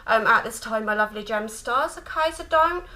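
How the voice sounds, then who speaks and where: A woman reads spiritual cards to camera in a fairly high, bright, forceful voice with lively intonation and a normal pace. Affectionate and chatty, she laughs a lot and keeps returning to "my lovelies" and "okay?"; the audio is poor.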